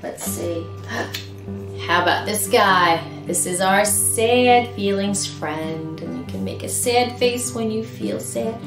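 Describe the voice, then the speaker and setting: Woman children's librarian, high lively sing-song voice, unhurried, roomy room with guitar music. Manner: animated, sing-song, exaggerated expressions. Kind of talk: singing and talking to toddlers.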